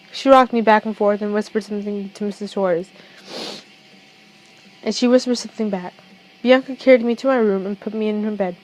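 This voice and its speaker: A young woman reading a first-person fan fiction story aloud, haltingly, with restarts. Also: mid-range voice, rough recording.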